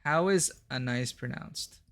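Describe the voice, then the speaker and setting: A man's voice: mid-range voice, unhurried, background noise. A man streaming a game, chatting casually and musing aloud between lines. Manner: relaxed, muses aloud.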